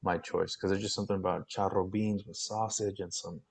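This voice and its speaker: A relaxed man co-hosting a casual podcast and teasing his friends. His voice sits fairly low. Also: brisk, gravelly, slightly rough. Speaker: podcast co-host. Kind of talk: casual chat.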